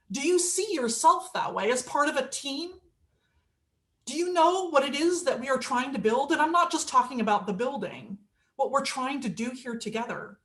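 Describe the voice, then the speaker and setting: A woman minister giving a conversational sermon, telling stories and acting out quotes. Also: sits high. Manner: conversational storytelling with acted quotes.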